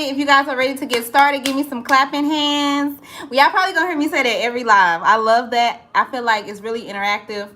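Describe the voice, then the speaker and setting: Woman, bright voice, a bit high, chatty livestream host. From St. Louis. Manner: chatty, greets viewers by name, says y'all often. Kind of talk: casual livestream chat.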